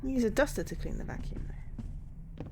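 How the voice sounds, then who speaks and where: A woman's voice: on the high side, expressive, moderate pace, crowd noise. A woman streaming a game, making chatty, wry asides as she plays. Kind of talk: casual gameplay commentary.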